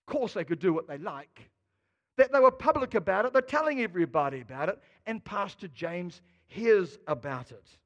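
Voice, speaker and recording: A man with a notably high voice preaches a sermon, moving between hushed asides and forceful emphasis. His words ring out with a long reverb, as if in a church. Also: normal speed, lo-fi sound. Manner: expressive preaching, swinging between quiet and loud. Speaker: pastor.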